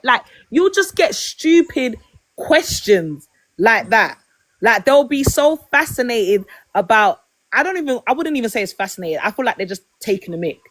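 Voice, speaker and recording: Brief: woman, emphatic panel guest, slightly high, dry recording. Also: animated, moderate pace, no echo. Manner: emphatic, says "honestly speaking". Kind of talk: group discussion.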